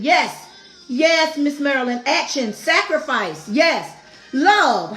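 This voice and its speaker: A woman's voice: high voice, fairly bright tone, echoey room. A woman hosting a live-stream talk show, coaxing viewers to answer and repeating her questions as she reads their comments. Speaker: host.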